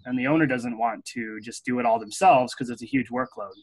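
A man co-hosting a casual business talk show, explaining his points in a direct, steady way. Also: medium pitch, a little fast, low-quality recording. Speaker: podcast co-host.

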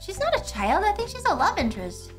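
A woman's voice: very high voice, wildly swooping pitch, quick pace, music in the background. A young woman streaming a farming game, chatting and teasing her co-player playfully. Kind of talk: casual gaming chat.

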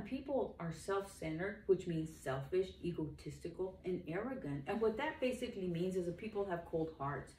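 An older woman in her sixties preaches to the camera with an earnest, rambling emphasis. Her voice sits low for a woman. She is heard from some distance in a roomy space with faint noise behind her. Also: dark tone. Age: 60s. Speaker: lay minister.

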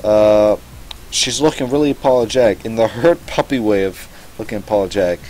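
A young man with a low voice reads a visual novel aloud for a let's-play. He breaks in with sarcastic asides and plenty of swearing. The commentary is loose and casual. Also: brisk, a little mellow, poor audio.

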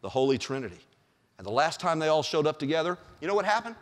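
Animated preacher guy, high voice swinging all over, chuckles a lot, big hall echo. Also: fast talker. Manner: animated storytelling, chuckling often. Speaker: pastor. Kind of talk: sermon. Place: church sanctuary. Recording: long church reverb.

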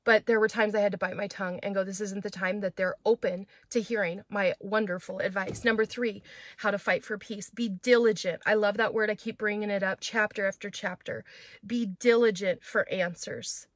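A middle-aged woman pastor teaching through a Bible chapter in a chatty, animated way. She acts out quoted voices and talks with fillers and restarts. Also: mid-range voice, moderate pace, no echo.

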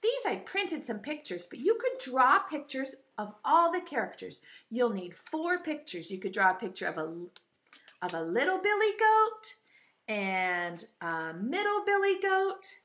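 A woman's voice: high voice, very animated, measured pace, fairly bright tone. A woman teaching an online preschool lesson in a sing-song, encouraging way, stretching out key words for young children.

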